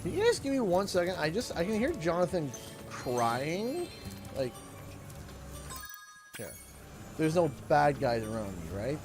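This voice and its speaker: A man's voice: a little high, huge pitch swings, measured pace, pauses often, music in the background. A man with a Canadian accent, chatting casually while streaming a game, telling rambling stories with frequent laughter and restarts. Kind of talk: casual chat while gaming.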